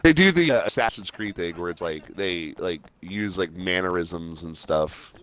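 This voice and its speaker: A man's voice: low voice, moderate pace, fairly bright tone. A young man hosting a game stream, chatting casually and rambling with lots of fillers. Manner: rambling, heavy use of "like". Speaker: host.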